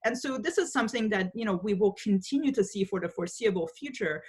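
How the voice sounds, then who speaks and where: A woman giving measured, analytical panel remarks over a video call, hedging often with small fillers. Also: mid-range voice, lively intonation, husky. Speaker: panel speaker.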